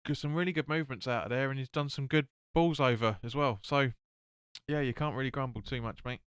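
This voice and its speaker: A man's voice: mid-range voice, brisk, smooth, no room sound, clean studio sound. A man hosting a live football watch-along, calling the play and chatting with viewers as he reads their comments. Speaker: fan watch-along host.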